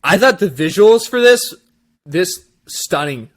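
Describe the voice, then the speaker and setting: A man co-hosting a casual review chat, laughing often and rambling in an animated way. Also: high voice, slow. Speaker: co-host.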